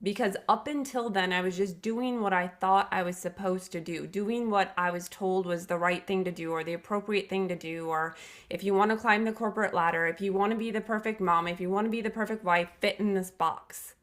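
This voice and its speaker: A woman's voice: medium pitch, fairly even intonation, fairly quick. A middle-aged woman, a podcast guest, telling a personal story in an earnest, reflective way with emphatic restarts.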